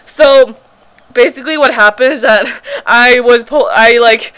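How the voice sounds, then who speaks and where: A woman playing a visual novel, reading it aloud on a desk microphone and reacting excitably, swearing and laughing. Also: fairly high pitch, unhurried, clean tone. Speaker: let's play gamer.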